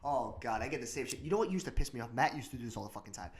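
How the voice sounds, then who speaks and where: A man's voice: medium pitch, animated. A young man co-hosting a casual podcast, ranting and swearing with frequent laughter. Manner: fast, laughs often, swears, rants. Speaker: podcast co-host. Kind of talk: casual chat.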